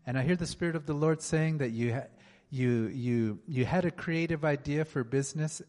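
A man preaching a sermon and praying, slow and earnest, often dropping to a softer tone. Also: a little high. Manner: slow, earnest, drops to soft tones. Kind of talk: sermon with prayer. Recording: long hall reverb.

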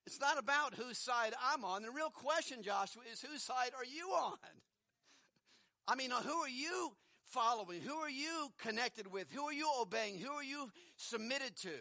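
A man's voice: very high-pitched, animated, normal speed, pushed and bright, no room sound, studio quality. A middle-aged man preaching a sermon in a conversational way, posing rhetorical questions and chuckling between points.

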